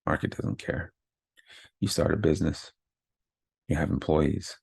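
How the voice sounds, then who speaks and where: A man with a low, deep and heavily gravelly voice that has a husky edge. He talks candidly and earnestly, building himself up and tossing in little "right?" asides as he goes. The sound is close and dry, with no room echo. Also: moderate pace, pauses often, darkish tone. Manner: earnest, self-affirming, frequent "right?" asides. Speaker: podcast host. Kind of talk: candid motivational monologue.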